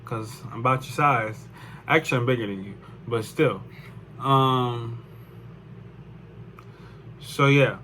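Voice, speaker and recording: A man's voice: medium pitch, slow, pauses often, pushed and bright, slight background noise. A young man telling a personal story in a casual, rambling way, full of swearing and "like". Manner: rambling, profane, lots of "like". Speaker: vlogger.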